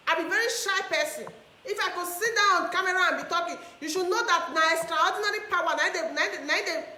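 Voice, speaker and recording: Nigerian woman activist lecturing to camera, sharp and bright, room echo behind her. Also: extremely high pitch. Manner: preachy, mixes Pidgin and English, repeats phrases for emphasis. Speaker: online activist speaker. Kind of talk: impassioned monologue to camera.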